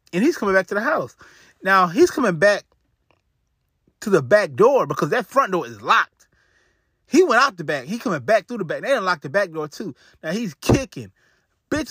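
A man's voice: high-pitched, bright, forceful tone, breathy edge, no echo, studio quality. A man telling a true crime story in a casual, slangy way full of fillers.

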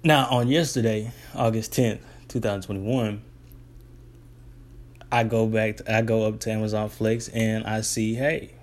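A young man, casually telling a long rambling story about his delivery job. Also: mid-range voice. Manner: rambling, restarts, relaxed colloquial. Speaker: delivery driver.

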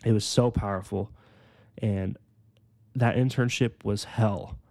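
A twenty-something podcast host with a lowish voice and fairly even intonation tells his personal faith testimony. He speaks earnestly with many "like"s as filler, softening and slowing down on the emotionally heavy points.

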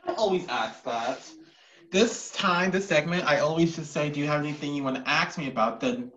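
A man's voice: a little high, a little fast, fairly bright tone, slight background noise. A teenage male podcast host talking casually, defensive and exasperated, rambling as he explains himself. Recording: dull lo-fi recording.

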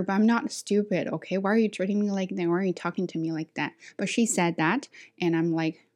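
A woman from China with a Chinese accent hosts her own casual monologue podcast, speaking candidly, energetically and outspokenly, and laughs now and then as she tells stories. She is also an ESL teacher. Her voice is medium in pitch and dark in tone, at a normal speed.

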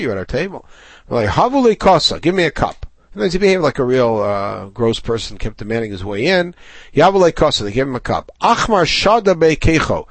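Middle-aged male Talmud teacher, lively and slightly high voice, reads then paraphrases, dry close sound. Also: no room sound. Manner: reads Aramaic aloud then paraphrases in English, with fillers and self-corrections. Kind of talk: Talmud class, reading and translating.

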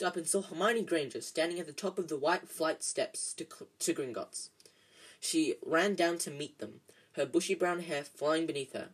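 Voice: mid-range voice, moderate pace, breathy edge, low-quality recording. A reader narrating a storybook in an amateur audiobook style, often stumbling and correcting themselves.

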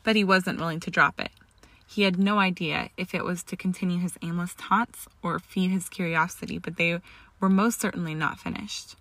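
A woman narrates a story in a steady, measured voice. Her tone is bright and slightly gravelly, sitting a little low for a woman, and the sound is dry and close. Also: dry recording. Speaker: fan fiction reader.

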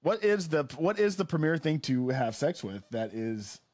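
Rambling, swearing man, animated pitch. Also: moderate pace. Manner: loose, rambling, swearing banter. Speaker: podcast co-host. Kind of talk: casual chat.

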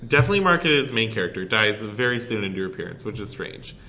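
Bright-toned man making dry asides. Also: fairly low pitch, sing-song, fast talker, slight background noise. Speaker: podcast co-host. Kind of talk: casual chat.

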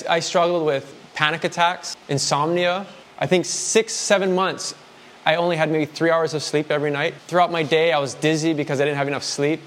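A man preaching a sermon in a candid, conversational way, acting out prayers and quotes with feeling. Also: high voice.

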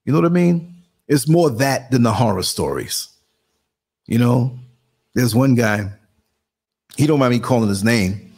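Gravelly New York man in his sixties. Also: a little fast. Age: 60s. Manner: animated storyteller, acts out quotes in a higher voice, laughs often. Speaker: live show host. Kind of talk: casual live-stream chat.

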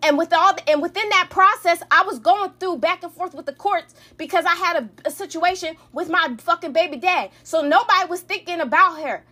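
Woman, 30s, high voice, heated, profane, rambling storytime rant. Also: brisk, few pauses, sharp tone.

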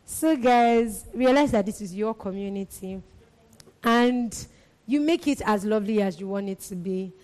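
A woman's voice: medium pitch, unhurried, dark tone. A woman exhorting church volunteers, talking in emphatic repetitions and laughing often. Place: church hall. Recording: long reverb of a church hall.

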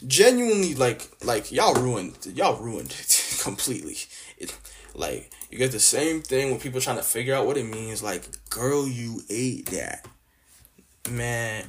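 A man's voice: mid-range voice, slight background noise. Young adult man from Canada, blunt slang-heavy vlog rant with a mocking edge. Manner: slangy, blunt, mocking, lots of filler words. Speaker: vlogger. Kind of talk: casual opinion rant.

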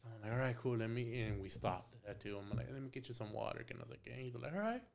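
A young man spinning a story on a podcast, lively and loose. He acts out every part of the dialogue himself, swears often, and slips into bits of Spanish along the way. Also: medium pitch, rapid-fire, creaky. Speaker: podcast guest, tattoo artist. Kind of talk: casual storytelling.

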